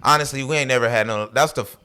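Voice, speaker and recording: A man's voice: medium pitch, very fast, sharp tone, smooth. A man, a comedian guest, telling a story in loose slangy talk, swearing and laughing as he goes. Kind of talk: animated storytelling with quoted voices.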